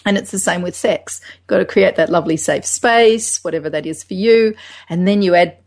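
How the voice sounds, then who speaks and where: A woman's voice: on the low side, a little fast, gravelly. Female podcast co-host, casual and enthusiastic, acts out bits of dialogue. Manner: enthusiastic, animated, acts out little quotes. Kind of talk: casual sex-education chat.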